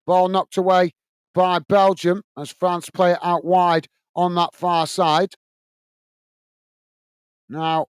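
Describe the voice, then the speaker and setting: A man from England hosting a live football watch-along, calling the play and chatting with viewers in a chatty manner that quickly turns to ranting. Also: sits high, smooth, no echo. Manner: chatty, reads out viewer messages, quick to rant. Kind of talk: live football commentary and chat.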